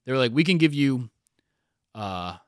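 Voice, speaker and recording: A young man casually telling stories as a podcast guest, animated and swearing often. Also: mid-range voice, moderate pace, clean tone, no room sound, clean studio sound. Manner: swears a lot, animated, laughs through stories. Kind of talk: casual storytelling chat.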